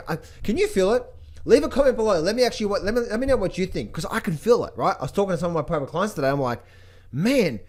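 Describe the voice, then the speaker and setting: A man giving a casual trading market update, excitable and jokey, often repeating his phrases. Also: fairly high pitch. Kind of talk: animated casual market commentary.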